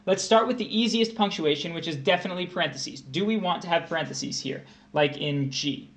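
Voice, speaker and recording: A young man with a slightly raised speaking pitch gives a livestreamed test-prep lesson. He works through a grammar question out loud, in a conversational way, often restarting and rereading the sentence. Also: a little fast.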